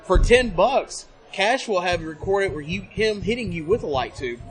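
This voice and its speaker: In a busy convention hall with a loud crowd, a podcast host conducts a casual interview. His voice sits high and sounds animated at a normal speed as he hypes up his guest and plugs his show.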